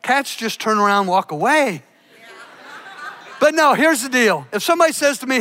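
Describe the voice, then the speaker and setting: An older man preaching a sermon as a pastor, swinging between emphatic lines and hushed ones. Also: very high-pitched, animated, moderate pace, long pauses, a faint crowd. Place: church.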